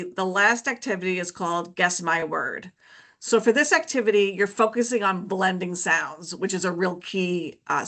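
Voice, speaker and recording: A woman's voice: on the low side, fairly bright tone. A woman educator giving an informative presentation to parents, explaining in a friendly, teacherly way with frequent "um" and "okay, so".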